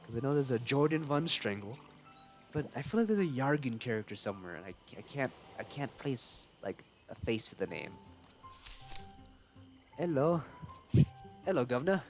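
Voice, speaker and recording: A young man rambles casually while he streams a game, his voice sitting at an ordinary middle pitch. He is playful and reads the game's dialogue aloud as he goes, with soft music underneath. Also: lively intonation, a little fast. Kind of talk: casual live-stream gameplay chat.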